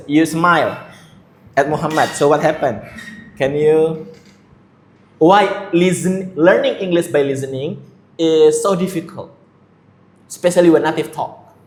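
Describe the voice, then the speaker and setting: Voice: mid-range voice, a little slow, pauses often, a little hiss or hum. Lecturer quizzing a class. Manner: questioning, encouraging, broken English. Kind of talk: classroom discussion lead. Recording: roomy classroom echo.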